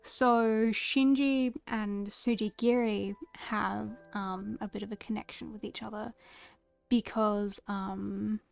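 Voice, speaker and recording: A woman's voice: medium pitch, fairly even intonation, slow, creaky, soft background music. A young woman streamer chatting casually and gushing about favorite characters, stammering and repeating words often.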